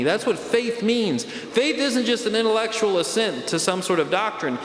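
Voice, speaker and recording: Emphatic priest preaching in echoey church. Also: male voice, lively intonation. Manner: emphatic preaching, slowing and dropping low on key words. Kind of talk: sermon. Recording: echoey church hall from a distance.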